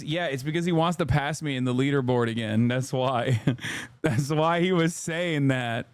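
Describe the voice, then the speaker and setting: A man's voice: a little high, moderate pace, clean tone, no room sound. A man commenting on clips during a live stream, wry and joking, with profane asides.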